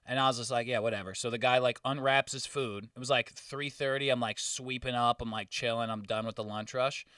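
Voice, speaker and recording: A young man co-hosting a casual podcast, with a bright, forceful voice and plenty of swearing. He tells his stories with energy and acts out other people in raised voices. He sits a bit back from the mic, but the sound stays dry. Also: medium pitch, fairly even intonation, a little fast, hardly any pauses, clear, resonant tone, no room sound, far from the mic. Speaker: podcast co-host. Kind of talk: casual storytelling chat.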